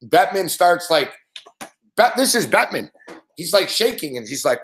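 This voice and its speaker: A man's voice: high voice, very animated, normal speed, a bit bright, roomy sound. A man hosting a late-night sports betting show, ranting angrily and profanely about hockey and mocking the people he talks about. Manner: mocking impressions of others. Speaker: host.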